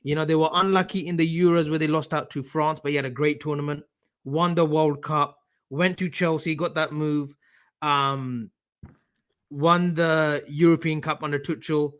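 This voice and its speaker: A man co-hosting a casual live-stream chat, animated and bantering. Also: a little high, moderate pace. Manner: animated, banters and argues over pronunciation. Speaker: co-host.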